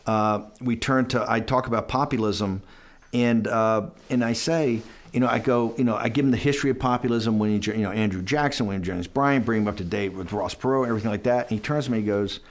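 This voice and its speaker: A man in an interview spins out a long story, wandering as he goes, starting sentences over, and using "I go" to quote others. He speaks quickly in a lowish voice.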